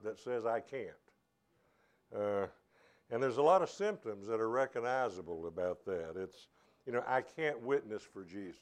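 A man preaching a sermon to his church, earnest and halting, often restarting his phrases. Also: mid-range voice. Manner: earnest, halting, with many repeated starts. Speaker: pastor.

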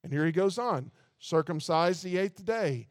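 A man delivering a sermon in a high, smooth and clear voice, recorded dry and close. He preaches earnestly and with emphasis, stumbling over repeated words as he builds his points. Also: lively intonation, measured pace, no echo. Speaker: pastor.

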